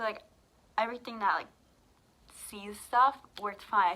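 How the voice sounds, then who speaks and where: A woman's voice: fairly low pitch, bright, forceful tone, a little hiss or hum, low-quality recording. A young woman vlogger telling a casual storytime, chatty with lots of fillers, acting out what each person said. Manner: chatty, many fillers, acts out quoted dialogue.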